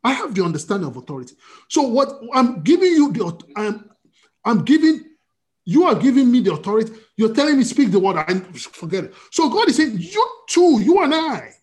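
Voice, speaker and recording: A male pastor preaches with a mid-pitched voice that leaps up and drops down in lively swings. He fires questions at his listeners and answers them himself. It is a streamed church service. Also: brisk. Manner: animated preaching with call-and-response questions. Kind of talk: sermon.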